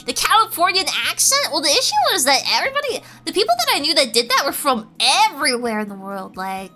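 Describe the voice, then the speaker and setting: A young woman streamer chatting loudly with her chat, nearly yelling every word and often giggling. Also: high voice. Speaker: VTuber streamer. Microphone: headset.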